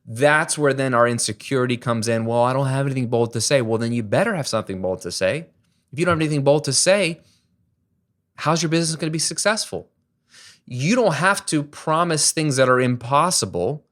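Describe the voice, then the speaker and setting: A man's voice: mid-range voice, lively intonation, moderate pace, a bit bright. Emphatic man coaching with rhetorical questions. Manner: chatty and self-deprecating. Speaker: online business coach. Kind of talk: casual teaching to camera.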